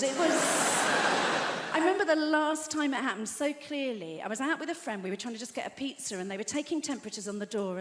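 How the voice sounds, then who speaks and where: A woman doing self-mocking, deadpan stand-up comedy on a theatre stage. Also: high-pitched. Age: 50s. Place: large theatre with live audience. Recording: echoey live theatre stage with audience noise.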